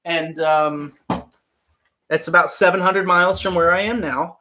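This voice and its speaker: Talkative Midwestern American man, slightly high voice. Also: fairly even intonation, unhurried, pushed and bright, a little hiss or hum. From Ohio, United States. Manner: thoughtful, rambling with many restarts. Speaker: YouTube livestream host. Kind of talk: casual livestream chat.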